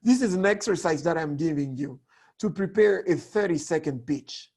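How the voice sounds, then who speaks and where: A man teaching a lesson on public speaking, hoarse with a cracked voice, talking in an animated way that swoops between high and low tones. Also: normal speed. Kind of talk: online lesson.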